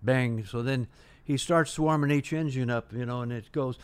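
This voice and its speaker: A man's voice: medium pitch, normal speed, clear, resonant tone. An older man telling a rambling anecdote as an interview guest, full of restarts and quoted dialogue. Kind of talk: casual anecdote.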